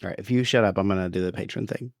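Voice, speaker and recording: A man's voice: deep voice, rapid-fire, creaky, no room sound, clean studio sound. A man co-hosting a podcast in casual, jokey chat, laughing often. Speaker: podcast co-host.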